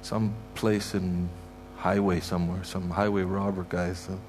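A man's voice: sits low, level tone, measured pace, darkish tone. Canadian guy preaching in a church, emphatic and repetitive, faint hum behind. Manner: emphatic, repetitive, heartfelt blessings. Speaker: guest preacher. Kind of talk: sermon. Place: church sanctuary.

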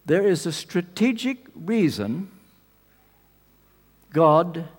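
A man preaching a sermon, telling the story with animated swings between loud emphasis and quiet asides. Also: on the high side, extremely slow, slightly rough. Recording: long reverb of a large hall.

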